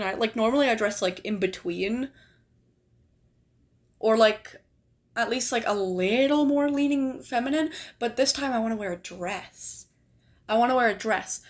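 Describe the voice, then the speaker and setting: A woman talks casually to her livestream viewers in a slightly higher-than-average voice. She rambles from thought to thought and peppers her sentences with "like". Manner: rambling, chatty, heavy use of "like".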